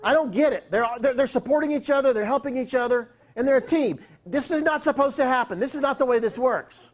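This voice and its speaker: A man acting out a foul-mouthed, domineering male music video producer who shouts at everyone. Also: very high-pitched, quick pace, voice pushed up. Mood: baffled ranting.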